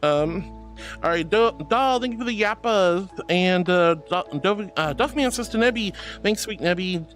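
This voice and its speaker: A man's voice: sits high, animated, a little slow, fairly bright tone, soft background music. A man streaming live, casually reading chat and showering viewers with pet names like honey and darling, playful and giggly.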